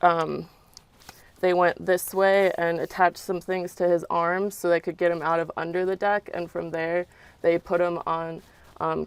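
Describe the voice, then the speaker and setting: Young woman telling her story, lots of likes and ums, lowish smooth voice. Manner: chatty storytelling with "like" and "um". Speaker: interviewee, resident. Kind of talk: casual recounting.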